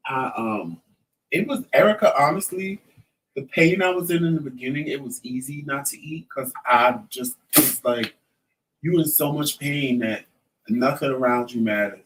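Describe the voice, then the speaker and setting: Here a man in his fifties with a medium-pitched voice hosts a vlog, telling a casual story and performing the other people's lines himself. The audio is poor and recorded from a distance.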